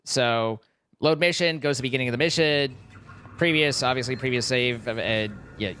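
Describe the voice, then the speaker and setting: A man's voice: medium pitch, normal speed, bright, forceful tone, slight background noise. A man streaming a game, chatting casually with viewers and reacting to the gameplay. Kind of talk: casual live-stream commentary. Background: game music.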